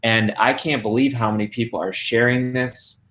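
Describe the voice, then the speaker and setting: A man's voice: medium pitch, steady tone, moderate pace, noisy background. A man hosts a live online book launch in a mid-range voice. He is enthusiastic and repeats his points for emphasis, turning often to speak straight to the audience. The sound comes from a live online video stream.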